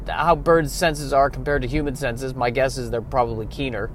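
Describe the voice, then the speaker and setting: A man's voice: mid-range voice, fairly even intonation, moderate pace, a little hiss or hum. A man hosting a casual comedic solo podcast, rambling in a self-deprecating way and often restarting his sentences. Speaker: podcast host.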